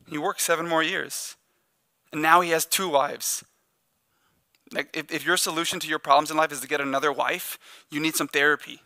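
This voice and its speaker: A man preaching a sermon as the pastor, in a conversational, joking style with animated storytelling. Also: on the high side, normal speed, dry recording.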